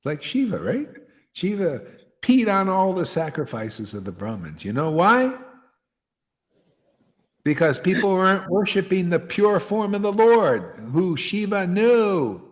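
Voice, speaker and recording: A man's voice: high voice, big pitch swings, unhurried. A man giving an impassioned devotional sermon as a spiritual teacher, blunt and fiery, dropping slang like "man". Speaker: spiritual teacher leading satsang. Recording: long hall reverb.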